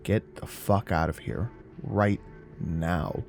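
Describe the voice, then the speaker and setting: A man's voice: deep voice, slow pace, gravelly, darkish tone, heavily acted. A man doing a tough, fed-up homeowner. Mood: angry. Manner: blunt, threatening, curses. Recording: narration over faint music.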